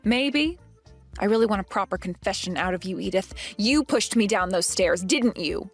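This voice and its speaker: A woman voicing a calm but firm young pregnant wife who questions her mother-in-law in an animated story drama. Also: mid-range voice, normal speed, soft background music.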